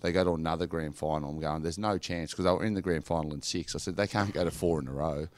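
An Australian man in his thirties telling stories from his football career in a relaxed, rambling podcast chat. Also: rumbling low, fast talker. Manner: laid-back storytelling, lots of "like" and "mate". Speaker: former professional footballer guest.

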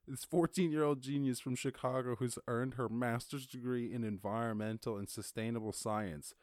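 A man with an Irish accent hosting a casual solo podcast, reacting to news in a jokey, excitable way and swearing freely. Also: medium pitch, normal speed, dry recording, studio quality. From Ireland. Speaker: podcast host.

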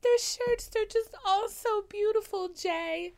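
A woman putting on the high, tearful, breathy voice of a swooning young woman overcome by beauty. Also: takes it slowly, exaggerated voice.

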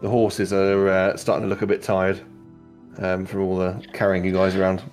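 Rambling low-voiced game master. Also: male voice, monotone, moderate pace, music in the background. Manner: casual, rambling, many fillers. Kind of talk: narrating a tabletop game.

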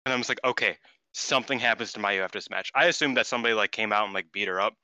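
On a casual podcast, a male co-host chats in an excitable, restless way, swearing freely and often stumbling over his words before restarting. His very bright, forward voice sits on the low side and comes rapid-fire, recorded close and dry with no room sound.

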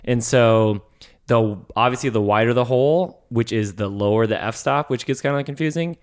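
A man co-hosting a podcast, chatting casually and excitedly, with lots of fillers and casual swearing. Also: medium pitch, moderate pace, smooth. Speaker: podcast co-host. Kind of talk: casual chat.

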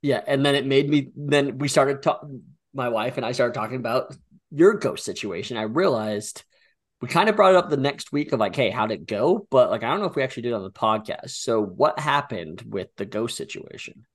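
A man in his thirties hosting a casual podcast, teasing his friends with easy, laughing banter. His voice has a plain middle pitch. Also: expressive, brisk. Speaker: podcast host.

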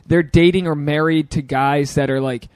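A man's voice: fairly high pitch, steady tone, normal speed, darkish tone, dry recording. Loose, swearing man on a podcast. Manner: loose, profane, self-deprecating. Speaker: podcast host. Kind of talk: casual chat.

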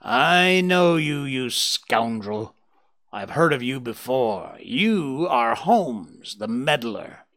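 A man voicing a furious, menacing old doctor who snarls threats in a slow, loud voice. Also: mid-range voice, sing-song. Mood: threatening. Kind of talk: dramatic audiobook reading.

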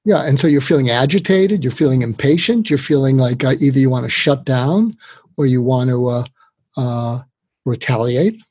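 An older man, a guest expert, giving communication advice in a lively conversational way, acting out quotes as he goes. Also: medium pitch, moderate pace, husky, no echo. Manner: animated, tells tips with acted-out quotes. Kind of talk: conversational interview.

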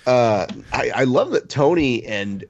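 A man hosting a sports podcast, leading the discussion in an expressive, playfully indignant way. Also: medium pitch, unhurried, highs cut off. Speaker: podcast host. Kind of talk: casual sports talk.

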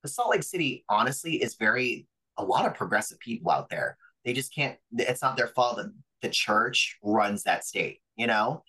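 Animated, profane man telling stories. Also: mid-range voice, normal speed, breathy edge, poor audio. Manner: animated, profane, acts out quoted voices. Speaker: podcast guest, pro wrestler. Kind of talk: casual interview storytelling.

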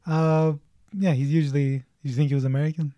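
A man's voice: a little high, little pitch movement, warm tone, no echo, highs cut off. Chatty man with a dry, close voice. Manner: chatty, laughing, halting restarts. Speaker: podcast co-host. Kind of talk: casual movie chat.

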